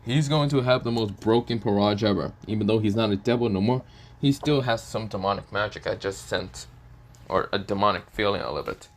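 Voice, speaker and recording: A man's voice: lowish voice, brisk. A man voicing a sarcastic male demon aide who teases and hesitates, in a fan story reading. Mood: teasing. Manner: casual, hesitant, teasing.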